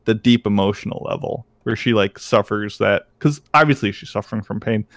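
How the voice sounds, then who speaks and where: Young male co-host, mid pitch, dead-dry mic, casual loose delivery. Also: fairly quick, no room sound. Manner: relaxed, loose, filler-heavy talk. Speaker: podcast co-host. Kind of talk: casual anime review chat.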